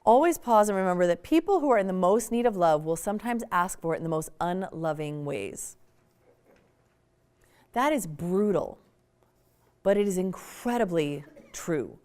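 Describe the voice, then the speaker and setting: A woman's voice: lowish voice, moderate pace, clear, resonant tone. A woman giving a conversational parenting workshop talk to an audience, often acting out examples. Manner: animated, conversational, acts out examples. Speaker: workshop speaker.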